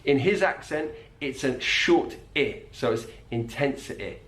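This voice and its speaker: A man teaching about accents, explaining clearly and repeating words to show how they sound. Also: a little high, unhurried, a bit bright. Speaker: accent coach. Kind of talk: explanatory video lesson. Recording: roomy echo.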